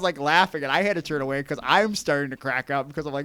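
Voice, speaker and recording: Male podcast host; animated, profane storyteller; dry, close recording. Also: fairly high pitch, quick pace, few pauses, smooth, no echo. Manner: animated, excitable, swears freely. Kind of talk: casual storytelling.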